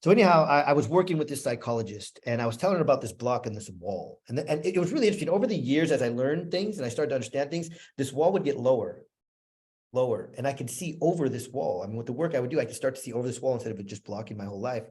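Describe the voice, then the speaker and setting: A husky-voiced man delivers a heartfelt personal story as a motivational speaker. His words circle back and repeat as the emotion builds, and his pitch sits in an ordinary middle range. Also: expressive, very fast, darkish tone. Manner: earnest, repetitive, emotional storytelling. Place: room with a live audience.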